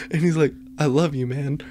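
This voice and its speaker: A man's voice: fairly high pitch, a little hiss or hum. A man co-hosting a casual podcast, recapping a movie scene by scene with frequent laughter and swearing. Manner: profane, laughing, acts out lines from scenes. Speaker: podcast co-host.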